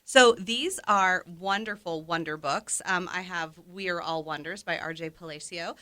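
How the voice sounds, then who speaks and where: Bright, chatty woman radio co-host. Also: on the low side, no room sound. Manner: upbeat, chatty, quick to laugh. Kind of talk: casual radio chat. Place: radio studio.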